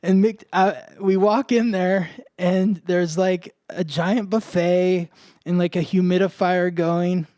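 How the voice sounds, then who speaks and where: Guy telling a story on a podcast, says like a lot, kinda high voice, dry sound. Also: steady tone, takes it slowly, dark tone, no echo. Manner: storytelling, lots of "like" fillers. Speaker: podcast co-host, astrologer. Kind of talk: casual chat.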